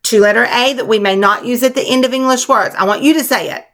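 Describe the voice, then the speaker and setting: A woman's voice: on the high side, quick pace, fairly bright tone. A woman teacher leading young children through a spelling lesson, coaching them patiently in a sing-song classroom manner.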